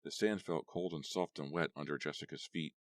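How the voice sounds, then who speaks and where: A man narrating a scripted horror audiobook in a steady, even read. His voice sits extremely low, and the recording is dry and close with no room sound. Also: fairly quick, no echo.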